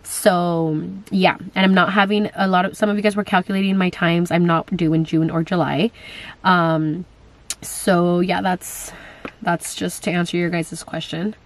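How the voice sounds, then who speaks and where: A woman's voice: fairly low pitch, level tone, a little slow. A young woman in casual chat, answering viewer questions on her vlog, talking in a chatty way with lots of fillers and quoted asides.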